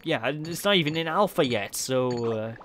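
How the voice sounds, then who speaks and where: A man's voice: mid-range voice, animated, moderate pace, fairly bright tone, slight background noise. A man with a Welsh accent giving casual, rambling, self-mocking commentary while playing a video game. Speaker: let's play commentator. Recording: game music playing behind. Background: game music.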